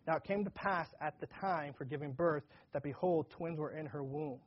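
Husky pastor man, casual Bible talk. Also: on the high side, normal speed. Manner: conversational, acts out dialogue animatedly. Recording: dull lo-fi recording.

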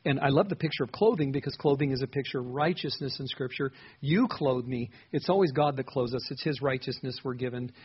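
A man's voice: medium pitch, fairly quick, hardly any pauses, slightly rough, muffled recording. A man preaching a conversational sermon, teaching through a psalm verse by verse and voicing the psalmist's prayers. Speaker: pastor.

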